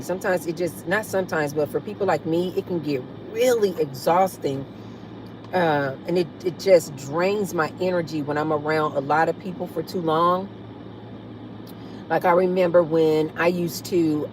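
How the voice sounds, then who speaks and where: Slow-talking woman livestreaming from her car. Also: sits low, background noise. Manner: chatty, laughs often, reads comments aloud. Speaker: livestream host. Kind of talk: casual livestream chat, reading viewer comments. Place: parked car.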